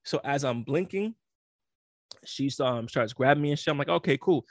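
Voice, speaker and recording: Brief: young man, mid-pitched, dry close sound, slangy and animated, acts out every quote. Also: normal speed, no echo. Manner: slangy, animated storytelling with frequent laughs and acted-out quotes. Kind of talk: casual chat.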